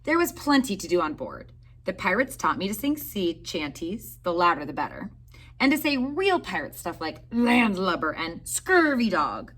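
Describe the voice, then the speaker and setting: A woman teacher reading a picture book aloud to young children in an expressive storytelling way. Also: medium pitch, normal speed, husky.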